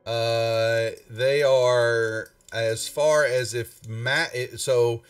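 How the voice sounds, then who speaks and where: Man, game master, halting narration, dry room, set back from the mic. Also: mid-range voice, fairly even intonation, smooth, no room sound, far from the mic, soft background music. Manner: halting, full of ums and restarts. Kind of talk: describing the scene in a tabletop game.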